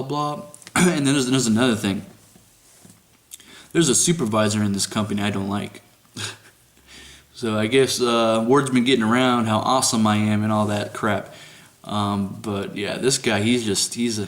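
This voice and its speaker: A man working as a security guard, telling casual, profane work stories outdoors at dusk and laughing now and then. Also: lowish voice. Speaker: security guard at a residential lake. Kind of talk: casual vlog rant.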